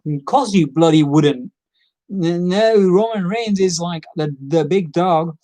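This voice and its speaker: Male wrestling reviewer, a bit high-pitched, loose and repetitive delivery. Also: lively intonation, unhurried, a little mellow, no room sound, low-quality recording. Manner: rambling, repeats himself, frequent fillers; acts out quoted lines in character. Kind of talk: casual opinionated review.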